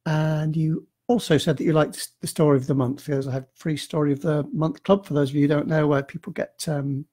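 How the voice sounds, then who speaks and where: A man's voice: fairly high pitch, fairly even intonation, a little fast, warm tone. A man chatting casually on a live stream, answering readers' emails in a rambling, self-deprecating way with lots of fillers and restarts. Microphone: computer mic on a live stream.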